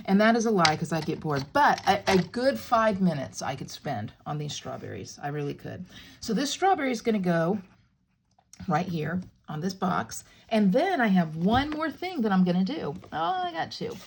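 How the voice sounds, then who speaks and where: A woman's voice: on the low side, vocal fry. A middle-aged woman hosting a crafting tutorial, chatting playfully with viewers as she demonstrates and jokes along the way.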